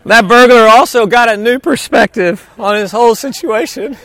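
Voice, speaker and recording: A man's voice: extremely high pitch, normal speed, fairly bright tone. A man preaching a sermon in a conversational, storytelling way, mixing humor into scripture reading. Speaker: pastor.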